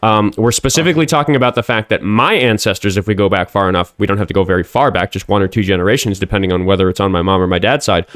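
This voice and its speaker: Brief: male host, 30s, New York accent, fast, combative and profane, dry close mic. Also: lowish voice, fairly even intonation, fairly bright tone, clear, resonant tone, no echo. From New York, United States. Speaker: show host debating a caller. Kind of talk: heated call-in debate.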